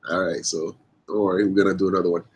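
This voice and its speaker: A man's voice: low-pitched, flat delivery, very fast, breathy edge. A man hosting a casual podcast, talking loosely, with restarts and laughter. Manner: rambling, with restarts and frequent laughs. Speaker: podcast host.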